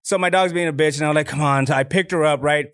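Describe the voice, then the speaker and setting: Comedian guest from Laredo, lively story-told banter, slightly high register, dry studio sound. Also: male voice, fast talker, no echo. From Laredo, Texas. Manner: animated storyteller, swears freely, acts out voices. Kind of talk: casual storytelling chat.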